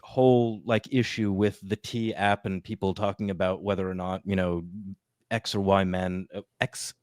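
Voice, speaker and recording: A man's voice: low voice, level tone, moderate pace, darkish tone, dry recording. Chatty man on a dry mic. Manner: chatty, with fillers and asides. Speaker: podcast co-host. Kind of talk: casual podcast chat.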